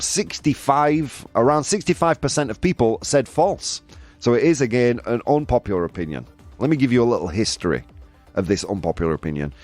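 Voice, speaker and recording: A man's voice: medium pitch, a little mellow. A man hosting a show, reading out points in a playful, joking way. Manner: playful, jokey, frequent laughs and asides. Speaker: show host. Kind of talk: casual show talk, reading a list aloud. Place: home studio.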